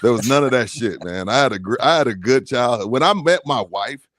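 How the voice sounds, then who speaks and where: A man's voice: mid-range voice, expressive, fairly quick, a bit bright, no room sound, clean studio sound. A man co-hosting a sports podcast, talking in a laid-back, profane way and often saying "you know what I'm saying.". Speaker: sports radio co-host. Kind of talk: casual podcast chat.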